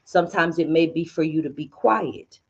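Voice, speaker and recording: Woman host, deep voice, calm spiritual coaching, dull lo-fi sound. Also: normal speed, husky. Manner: calm, coaching, acts out inner dialogue. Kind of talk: spiritual teaching talk.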